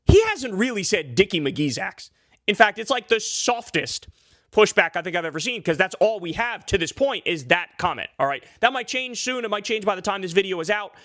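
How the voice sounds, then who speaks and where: A man's voice: high voice, lively intonation, fairly quick, a bit bright, no echo, clean studio sound. A man delivering a heated, profane, sarcastic political commentary rant, full of filler likes. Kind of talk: ranting political commentary vlog.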